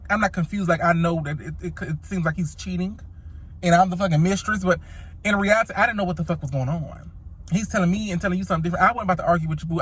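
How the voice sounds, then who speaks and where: A woman's voice: on the low side, fairly bright tone, breathy edge. A woman telling a dramatic story to the camera in a casual vlog, sassy and profane, calling her listeners honey and child. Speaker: storytime vlogger.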